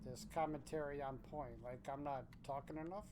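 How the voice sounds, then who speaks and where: Guy streaming games, slightly high voice, chats slow n easy with restarts, background hum. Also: steady tone. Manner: laid-back, drawn-out, thinks aloud with restarts. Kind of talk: casual livestream chat, reading chat aloud.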